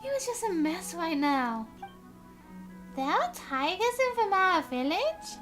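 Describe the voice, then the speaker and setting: Young woman streaming a game, high bubbly voice, reads lines out and trips over words, faint music under. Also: very animated, unhurried, fairly bright tone. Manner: chatty, bubbly, stumbles on words and laughs at herself. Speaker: gaming streamer. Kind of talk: live stream, reading game dialogue aloud.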